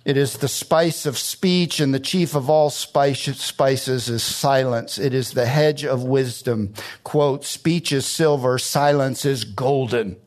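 A middle-aged man preaching a sermon, driving home points by climbing in pitch on key words and drawing out phrases to stress them. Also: slow, few pauses. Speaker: pastor.

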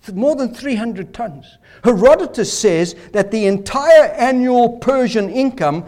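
A man's voice: extremely high pitch, lively intonation, unhurried, a little mellow. A man preaching an expository sermon, dramatically acting out the words of biblical figures as he goes. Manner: dramatic, quotes biblical figures in shifting voices.

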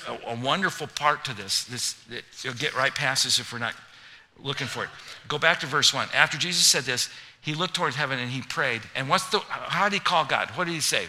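A man preaching a sermon, chatty and joking, then building to loud, emphatic preaching. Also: medium pitch. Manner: conversational, humorous, rising to loud emphatic preaching. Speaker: pastor.

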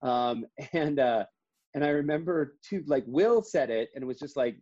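A talkative man recounting how a line was written, restarting sentences often. His pitch sits in an ordinary middle range. The audio is somewhat dull and lo-fi. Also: expressive, brisk, darkish tone. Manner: chatty, many restarts and acted-out quotes. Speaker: comic book co-author. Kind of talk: casual interview conversation.

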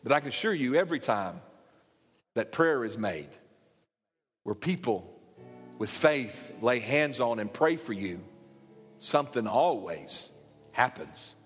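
A man's voice: medium pitch, big pitch swings, a little slow, pauses often, husky, long reverb tail, soft background music. A man preaching a sermon as pastor, emphatic and fond of repeated phrases. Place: church sanctuary.

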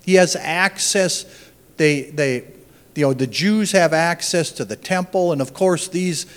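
A man's voice: fairly high pitch, unhurried, clean tone, in a large hall. A man giving an informal Bible teaching, thinking aloud and often restarting his phrases.

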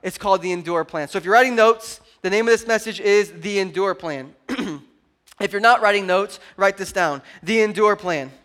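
A pastor in his thirties delivers a sermon to his congregation at a moderate pace, his voice high and lifted. Animated and conversational, he teases the crowd and jokes between points, shifting from loud calls to the room to quiet, intimate asides.

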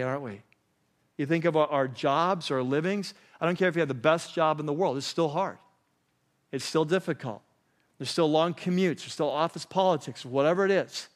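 A man preaching a sermon in a conversational way, often saying "catch this" and dropping low and quiet on key phrases. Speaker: pastor.

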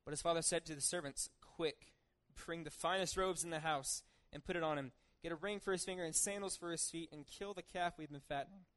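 A man's voice: fairly high pitch, fairly even intonation, fairly quick, few pauses, a bit bright. A young man giving a casual sermon, reading scripture and retelling the story in an informal, chatty way. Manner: informal and chatty, acting out the story in everyday voices.

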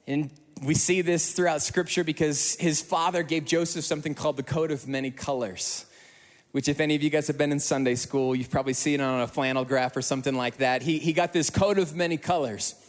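A man preaching to his congregation with a voice that sits high for a man. He tells stories with open emotion and animated delivery. His words ring out through a church with a long, trailing reverb. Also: brisk. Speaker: pastor. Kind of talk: sermon.

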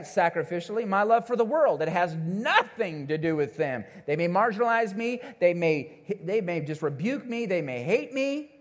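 Lively high-voiced male pastor preaching. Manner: conversational preaching that calls out to the congregation; animated, acts out the people he quotes. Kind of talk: sermon. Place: church service before a congregation.

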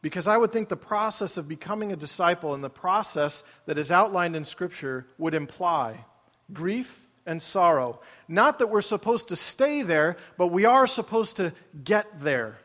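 A man preaching a sermon in a high voice, talking casually with his congregation and asking them questions. His voice rings out in a large auditorium with a long reverb tail. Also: lively intonation, normal speed, a bit bright. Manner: conversational, asks the congregation questions. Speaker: pastor.

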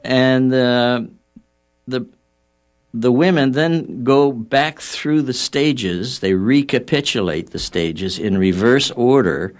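A man, a guest on a talk show, explaining a healing theory and telling a story with frequent fillers and acted-out quotes. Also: mid-range voice. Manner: measured and explanatory. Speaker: guest healer.

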